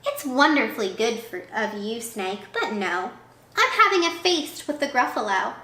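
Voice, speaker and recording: A woman's voice: on the high side, sing-song, moderate pace, bright, forceful tone. A woman voicing a clever little male mouse in a read-aloud picture book, boastful and theatrical. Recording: echoey room.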